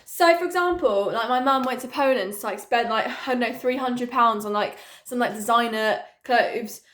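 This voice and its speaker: A woman's voice: a little high, normal speed, fairly bright tone. A young woman telling funny childhood stories on her vlog, chatty and sweary, with jokey asides, recorded on a camera mic in a room at home. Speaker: vlogger. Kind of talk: casual storytime chat. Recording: echoey room.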